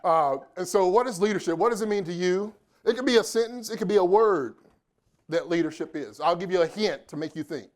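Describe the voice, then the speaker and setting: Chatting and joking with his audience, a man in his forties from Indianapolis, in the United States, delivers a live motivational keynote in a conference room. He has a high voice and talks a little fast.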